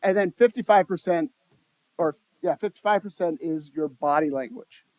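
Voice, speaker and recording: A man speaking to a conference audience in a slightly high voice. He talks conversationally, restarts his phrases and puts questions to the listeners. The sound is dry and close. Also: normal speed, a little mellow, dry recording. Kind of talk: live conference talk to an audience. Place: conference room.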